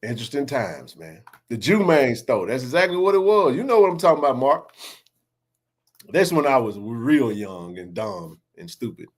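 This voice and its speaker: A man's voice: medium pitch, normal speed. A man in his forties hosting a sports podcast, telling neighborhood stories in a laughing, slangy way. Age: 40s. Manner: laughing, animated storyteller with slang. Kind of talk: casual storytelling chat.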